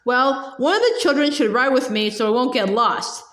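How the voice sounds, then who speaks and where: A woman's voice: sits high, animated, normal speed, a bit bright, roomy sound. Stefano, a woman reading as a sly villain. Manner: smooth, falsely polite. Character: sly scheming villain man in disguise. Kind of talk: reading a storybook aloud.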